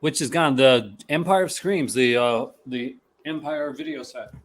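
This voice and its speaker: Co-hosting a livestream about film collecting, a drowsy man keeps the chat casual and welcomes viewers by name. He speaks in a mid-range voice, a touch slowly.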